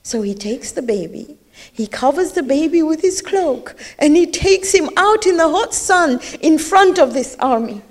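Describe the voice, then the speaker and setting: A middle-aged woman preaches with a high, clear voice, telling a sacred story with intense feeling. Her delivery swells into tearful, pleading passages and drops to hushed lines. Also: expressive, a little slow. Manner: emotional storytelling, rising to tearful pleas. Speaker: religious speaker. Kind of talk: sermon.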